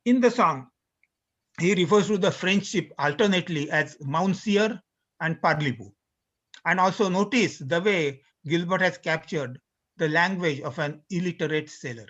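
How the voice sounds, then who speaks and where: A man giving an introductory lecture in an explanatory manner, pausing and restarting between points, on a dull lo-fi recording. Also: high voice, expressive, a bit bright. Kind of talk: introductory lecture with recited lyrics.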